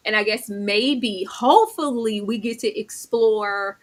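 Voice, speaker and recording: A woman hosting a casual live recap of a TV show, lively and often laughing as she acts out the characters' lines. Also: medium pitch, measured pace. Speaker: host reviewing a TV series.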